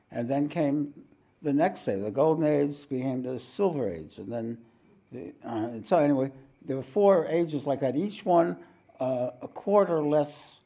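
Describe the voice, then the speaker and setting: A man, a spiritual teacher, telling a story to a meditation audience in a rambling way, often clearing his throat and using fillers. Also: mid-range voice, warm tone.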